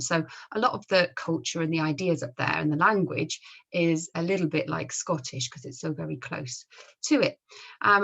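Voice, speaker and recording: A woman's voice: fairly low pitch, creaky, a bit bright, breathy edge. A woman from the north of England, a primary school teacher, chatting to pupils about comic strips in a friendly, explaining way with fillers. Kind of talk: recorded book sharing for pupils.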